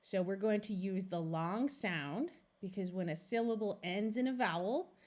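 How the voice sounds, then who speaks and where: A woman's voice: mid-range voice, normal speed, a little mellow. A woman reading tutor teaching a phonics lesson, patiently sounding out letters and words one by one.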